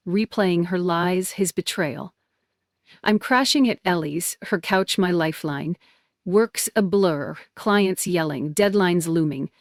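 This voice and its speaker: A woman's voice: on the low side, no echo, clean studio sound. A woman narrating a dramatic first-person story in clipped, tense, emotional sentences.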